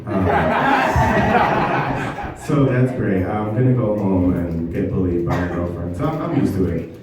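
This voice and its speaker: A man doing a stand-up comedy set in a basement venue, talking in a halting, self-deprecating way with many ums. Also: low-pitched, sing-song, very noisy. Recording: echoey basement room, mic from far off.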